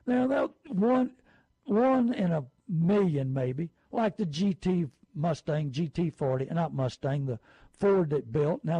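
A middle-aged man giving folksy car-buying advice, with lively storytelling. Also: sits high, vocal fry, breathy edge, no room sound, rough recording.

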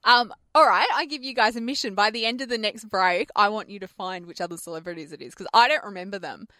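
A woman's voice: mid-range voice, quick pace, no room sound, clean studio sound. A woman co-hosting a radio show, chatting casually and telling stories with lots of laughter. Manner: animated storyteller, laughs often. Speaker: radio co-host. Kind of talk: casual on-air banter.

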